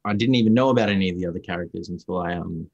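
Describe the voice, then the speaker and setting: A man's voice: sits low, rapid-fire, husky, dry recording, lo-fi sound. A young Australian man, an actor guest, telling stories in a casual interview with rambling restarts. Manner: rambling, restarts often, lively storytelling.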